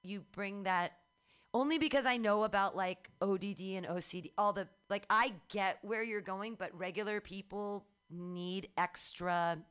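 A woman radio host talks through comedy notes in a loose, animated way. She laughs easily and jumps between thoughts. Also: medium pitch, moderate pace, clean tone. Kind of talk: casual comedy workshop chat.

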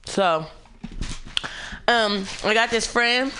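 Young woman, animated, slangy, candid, casual radio talk chat, faint background noise. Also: on the high side, extremely slow. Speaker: radio talk show co-host.

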